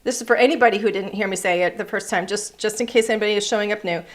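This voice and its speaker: A woman talks rapid-fire in a mid-range voice as she leads a live card-making demonstration filmed by an overhead camera. Upbeat and chatty, she welcomes viewers by name as she works.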